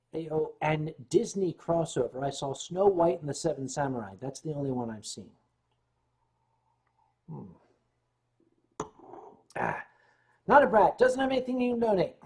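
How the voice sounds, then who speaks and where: A man hosting a casual livestream, a bit tipsy, telling a long story with lively asides and frequent throat-clearing. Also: a little high, normal speed, long pauses. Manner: animated storyteller who often clears his throat. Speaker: livestream host.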